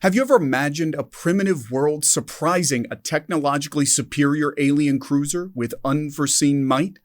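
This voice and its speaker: A man narrating a science fiction story in a steady, dramatic scripted style. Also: fairly high pitch, moderate pace, no echo.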